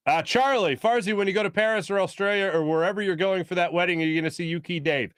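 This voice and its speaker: Chatty sports show host, close and dry. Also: male voice, high-pitched, quick pace, fairly bright tone, smooth, dry recording. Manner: chatty, jokey, hums filler tunes and tries celebrity impressions. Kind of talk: casual live-stream chat reading viewer comments.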